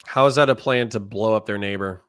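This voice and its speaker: A man's voice: on the low side, fairly quick, a bit bright, clear, resonant tone, dry recording, clean studio sound. A man hosting a livestream, reacting sarcastically with rhetorical questions and reading chat messages aloud. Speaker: streamer host.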